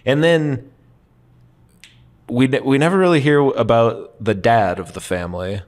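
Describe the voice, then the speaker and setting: A man's voice: medium pitch, measured pace, a little mellow. A man co-hosting a comedy podcast, rambling through a story and acting out the quotes along the way. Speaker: podcast co-host. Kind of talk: casual comedy podcast chat.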